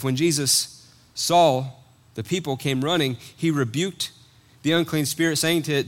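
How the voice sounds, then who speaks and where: A man preaching a sermon, reading scripture and explaining it, with repeated words as he thinks aloud and loud emphatic peaks. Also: medium pitch, normal speed.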